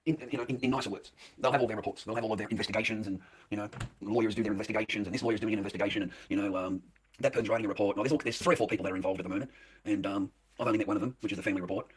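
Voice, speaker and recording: A man's voice: on the low side, steady tone, very fast, slight background noise. A man ranting straight to camera in an agitated, heated way, swearing and speaking to the viewer. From Australia. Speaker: vlogger. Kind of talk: direct-to-camera rant.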